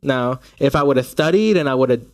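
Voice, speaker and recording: A young man, a stage actor from the United States, chatting in an interview with animated storytelling and frequent restarts. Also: mid-range voice, fast, dry recording. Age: young adult. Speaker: actor guest. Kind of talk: casual interview chat.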